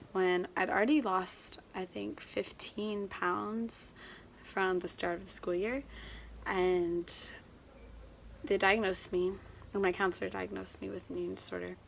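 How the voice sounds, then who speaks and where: A young woman vlogging casually with a hoarse voice left over from a cold, often pausing with ums and dropping to a near-whisper. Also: mid-range voice, slight background noise. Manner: many filler ums, soft drop to near-whisper at times. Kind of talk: casual vlog talk. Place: home in Seoul.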